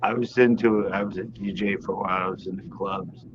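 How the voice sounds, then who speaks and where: A man's voice: deep voice, steady tone, brisk. A middle-aged man chats casually on a livestream, telling stories and laughing often. The sound is a little dull, with faint noise behind him. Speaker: guest.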